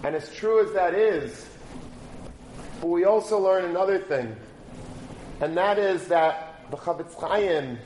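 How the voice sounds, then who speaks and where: A man giving a storytelling sermon, moving between animated retelling and forceful exhortation. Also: sits high, measured pace, long pauses, slight background noise. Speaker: preacher. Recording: roomy recording with faint background.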